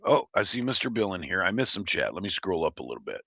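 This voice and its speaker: A man's voice: deep voice, big pitch swings, fast talker, sharp tone, dry recording. A man from Oregon hosting a livestream, chatting casually and reading chat in a rambling, blunt, profane way. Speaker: livestream host.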